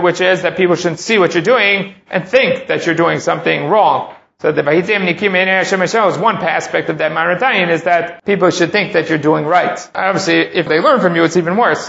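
Man, Talmud teacher, reads the text and translates as he goes; gravelly, dull lo-fi recording. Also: on the high side, a little fast, hardly any pauses, fairly bright tone, roomy sound. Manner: reads Hebrew passages, then translates and explains. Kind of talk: text-study lesson.

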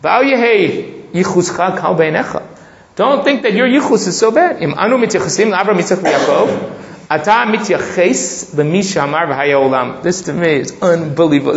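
Man giving an animated Torah class. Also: high-pitched, normal speed, roomy sound, highs cut off. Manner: reads Hebrew text aloud then explains in English, growing excited. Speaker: Torah teacher. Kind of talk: text-based Torah class.

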